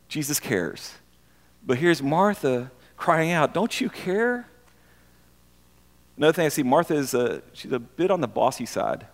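A man preaching a conversational sermon as pastor, animated and given to repeating phrases for emphasis. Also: on the high side, long reverb tail.

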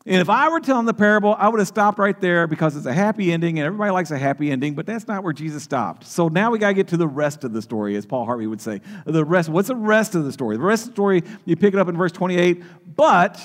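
Casting: male pastor, high voice, preaching a sermon with repeats and restarts, long echo of a big church hall. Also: lively intonation, quick pace, few pauses.

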